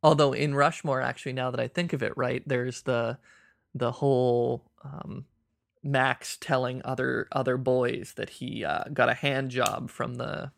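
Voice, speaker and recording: A man's voice: medium pitch, little pitch movement, a little slow, creaky, dry recording. A man co-hosting a casual film podcast, thoughtful and searching for words with frequent restarts. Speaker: podcast co-host.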